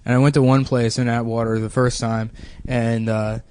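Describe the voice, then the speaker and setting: A man in his thirties telling a long story in casual podcast chat, deadpan and offhand, full of fillers. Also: mid-range voice, normal speed, clear, resonant tone.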